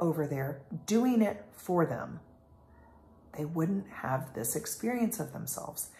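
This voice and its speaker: A woman's voice: sits low, animated, slow pace, mellow. A woman in her thirties, a life coach talking in a casual vlog monologue, rambling and passionate with many fillers. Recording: echoey room.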